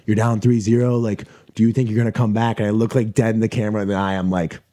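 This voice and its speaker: A young man in his twenties, a podcast guest telling a long story in a rambling, profane, excitable way with lots of restarts. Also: fairly low pitch, quick pace. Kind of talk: casual storytelling.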